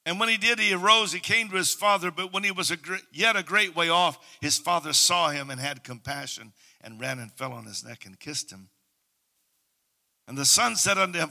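A male Canadian pastor preaching a Pentecostal sermon. His voice sits high and rings very bright. He drops to hushed passages and climbs to loud, shouted declarations. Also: moderate pace, gravelly. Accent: Canadian English.

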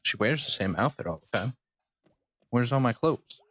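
A man's voice: mid-range voice, expressive, moderate pace, a bit bright, breathy edge, dry recording. A man hosting a gameplay video, making laid-back, mumbly asides between reading lines. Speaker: gaming video host. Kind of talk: casual gameplay commentary. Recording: dull dry game capture with music.

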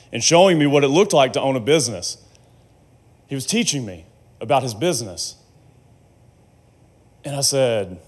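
At a faith conference, a man with a medium-pitched voice tells his testimony as a conversational story, acting out the quoted dialogue.

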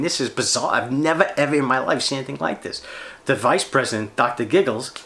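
A man's voice: mid-range voice, a bit bright. A man hosting a fishing channel, ranting on camera in a blunt, sarcastic, profane way. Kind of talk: ranting vlog monologue.

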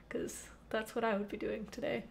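Chatting through headphones with a mic, a young woman streams live coding from her temporary home, voicing chat messages and replying with plenty of filler words. Her voice is on the high side and gravelly, level and somewhat slow, over a faint hiss or hum.

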